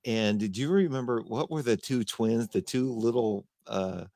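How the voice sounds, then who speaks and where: A man hosting a casual conversation, talking in a halting way and often restarting his sentences. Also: mid-range voice, darkish tone, no room sound, clean studio sound. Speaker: host.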